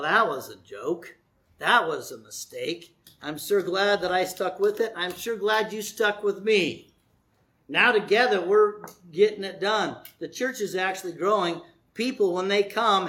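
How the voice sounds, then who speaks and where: A man's voice: high-pitched, fairly bright tone. Folksy male preacher in a sermon. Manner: folksy, repetitive preaching cadence. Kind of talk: sermon with closing prayer.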